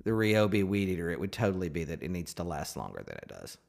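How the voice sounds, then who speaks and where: A man's voice: sits low, big pitch swings, fast, creaky, a little mellow. A man co-hosting a podcast, chatting casually in a playful, rambling, self-mocking way. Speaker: podcast co-host. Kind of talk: casual banter. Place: Nashville.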